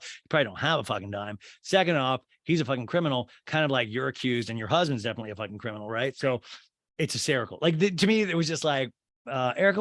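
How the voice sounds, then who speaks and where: Male comedy podcaster, lively swinging delivery, dry close mic, cusses and mocks. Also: mid-range voice, no echo. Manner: profane, mocking, animated storytelling. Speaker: podcast host. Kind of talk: comedic TV recap.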